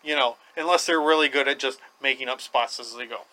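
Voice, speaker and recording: A man's voice: mid-range voice, a little fast, sharp tone, low-quality recording. A man co-hosting a casual podcast, sarcastic and swearing freely as he rants. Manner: sarcastic, profane ranting. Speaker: podcast co-host. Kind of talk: casual chat.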